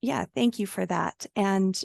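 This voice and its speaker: A woman's voice: medium pitch, a little slow, vocal fry, a little mellow, dry recording, studio quality. A woman hosting a webinar, thanking her guest in a hesitant way with many fillers. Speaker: host. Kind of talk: closing remarks to a guest.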